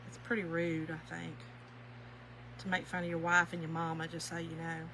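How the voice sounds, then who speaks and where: A woman from Kentucky with a lowish voice delivers her lines completely flat at a normal speed, against a noisy background. Even so, her content is warm, folksy chatter: she hosts a craft live stream, greets viewers by name, reads their comments, laughs easily, and says "y'all" a lot.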